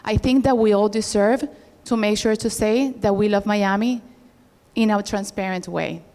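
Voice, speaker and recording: A middle-aged woman giving an earnest, measured campaign speech as a political candidate. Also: medium pitch, steady tone, warm tone. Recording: hall reverb.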